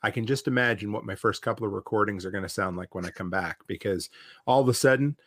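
A man's voice: fairly low pitch, fast, a bit bright, no echo, studio quality. A man from Nova Scotia hosting a podcast, chatting with a guest in an easygoing, enthusiastic way. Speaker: podcast host. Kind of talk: casual interview chat.

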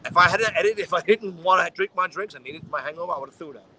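A man's voice: sits high, rapid-fire, slight background noise, low-quality recording. A man telling profane anecdotes in casual chat, acting out the voices of people in his stories. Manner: animated, acts out voices in anecdotes.

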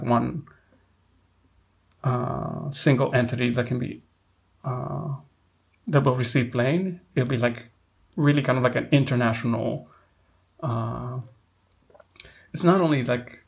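Rambling man with a gravelly voice. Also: medium pitch, dull audio. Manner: rambling, many fillers and restarts. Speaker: podcast co-host. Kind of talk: casual chat.

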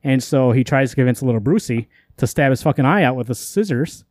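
A man's voice: medium pitch, expressive, darkish tone, no room sound, clean studio sound. A man co-hosting a podcast, retelling a comic story in loose casual chat and swearing offhandedly. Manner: rambling, quotes characters in quick asides, curses casually. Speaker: podcast co-host.

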